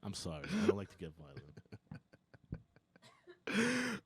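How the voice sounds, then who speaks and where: A man's voice: lowish voice, huge pitch swings, a little slow, noisy background. A young man co-hosting a comedy podcast, riffing brashly and profanely in casual banter.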